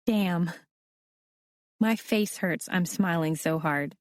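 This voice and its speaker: A woman reads a first-person novel in a steady, conversational way. Her voice sits low, and the recording is close and dry with no room sound. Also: slow, no room sound. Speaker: audiobook narrator. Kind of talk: first-person scripted narration.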